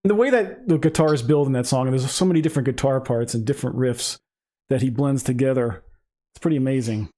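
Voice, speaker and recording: A man's voice: medium pitch, quick pace, dark tone. A man co-hosting a music reaction show, chatting casually and eagerly explaining musical details. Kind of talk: casual chat reacting to songs.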